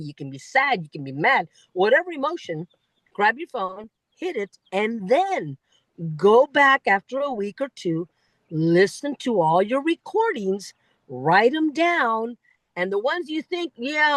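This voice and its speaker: A woman giving a lively talk that coaches speakers on winning a speech contest, with emphatic delivery and frequent asides. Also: moderate pace, no room sound, low-quality recording. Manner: animated, emphatic, swings pitch widely for emphasis.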